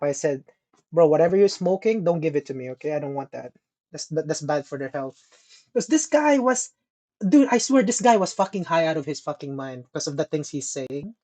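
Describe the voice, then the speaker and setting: Male podcast co-host, lively storyteller who swears a lot and acts out his quotes. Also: a little high. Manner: animated, profane, mimics people in quotes. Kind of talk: casual storytelling chat.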